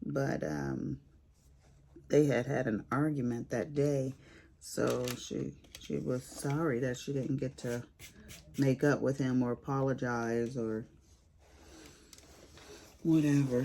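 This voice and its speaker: A woman's voice: extremely low pitch, expressive, takes it slowly, creaky, long pauses, mellow, slight background noise. A woman chatting casually while she does a craft on camera, sassy and rambling as she tells stories. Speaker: crafting vlogger. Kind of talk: casual chat while diamond painting.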